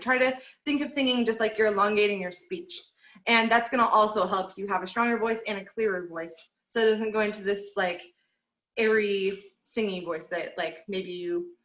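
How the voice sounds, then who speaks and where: A woman's voice: medium pitch, a bit bright, reverberant, lo-fi sound. A woman teaching an online group singing lesson, encouraging her students and counting through number drills. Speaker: vocal teacher.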